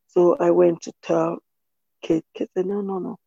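A woman from Cameroon, telling her own story in an interview in an earnest, halting way with many restarts. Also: lowish voice, little pitch movement, gravelly, dark tone, slightly rough, no room sound, lo-fi sound. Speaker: interview guest. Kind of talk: personal testimony in conversation.

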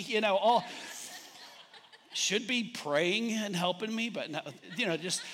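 A man preaching a sermon, animated and repetitive, telling a personal story to his congregation. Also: sits high. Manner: animated preaching with repeated phrases and restarts. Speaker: pastor.

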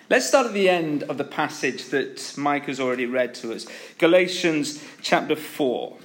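A man's voice: a little high, expressive, normal speed. A man preaching an earnest, emphatic sermon, telling stories between his points. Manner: earnest, emphatic, with storytelling asides.

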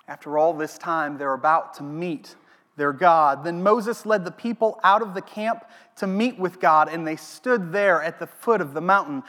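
A man preaching a sermon as a pastor, animated, asking the congregation questions. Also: on the high side, moderate pace. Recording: long hall reverb.

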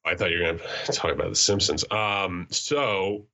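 A man with a very low, bright, forceful voice, chatting casually as a podcast co-host. He tells stories in a joking, self-mocking way. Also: fairly even intonation, normal speed. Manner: jokey, self-mocking storyteller. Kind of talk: casual chat.

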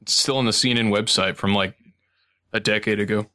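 A man's voice: on the low side, steady tone, fairly quick, background noise. A man hosting a podcast in casual chat, blunt, profane and joking. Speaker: podcast host.

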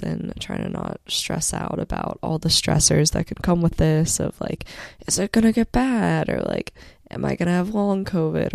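A young woman hosts her solo podcast in a heavily gravelly, sick-sounding voice, low and mellow in tone. She speaks slowly and reflectively, leaning on fillers, close to the mic in a dry, dead room. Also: no echo. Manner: slow, gentle, reflective, with many fillers. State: sick, voice worn from illness. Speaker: podcast host. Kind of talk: casual solo podcast talk.

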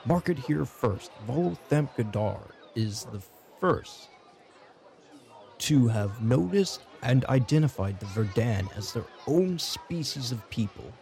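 A flamboyant, self-promoting explorer as a man puts him on bursts with delight in a high, strained voice that sits well above a normal male range. He is loud, bright and theatrical, and he never misses a chance to praise himself. This is a role-play voice from a tabletop game. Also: animated, normal speed, soft background music, close to an everyday voice. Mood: effusive. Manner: effusive showman who plugs his own books. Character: excitable, pompous middle-aged male explorer and author.

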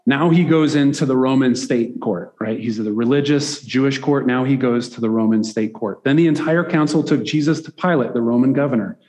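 A man at middle pitch preaches a sermon. He reads the passage aloud and then drops into loose, chatty asides that end in "right?". His voice rings out with the long reverb of a large hall. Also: a little fast, few pauses, a little mellow. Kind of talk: sermon reading scripture with commentary.

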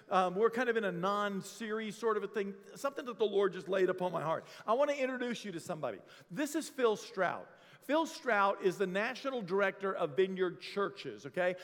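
A man's voice: high voice, long reverb tail. A man, a senior pastor from Maine, preaching a conversational sermon in a church, telling stories with humor and energy. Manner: conversational, animated storytelling with humor. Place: church sanctuary.

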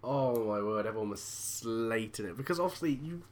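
A man's voice: on the low side, lively intonation, a little fast. A man co-hosting a casual chat, riffing on jokes and laughing along. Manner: jokey, playful riffing.

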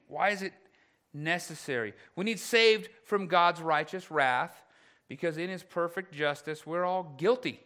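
Bright-voiced male pastor preaching dynamically. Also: fairly high pitch. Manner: dynamic preaching, swinging from loud to hushed. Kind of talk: sermon.

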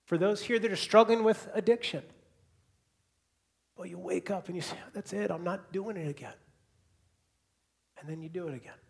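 A man preaching a sermon to a congregation in a church hall, moving between hushed, quiet repetitions and loud, emphatic bursts. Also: high voice, moderate pace, vocal fry, pauses often. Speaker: pastor.

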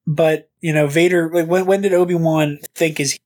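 A man's voice: fairly high pitch, fairly even intonation, moderate pace, darkish tone. Rambling man hosting a podcast. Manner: rambling, stammering, swears casually. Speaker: podcast host. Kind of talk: casual podcast chat.

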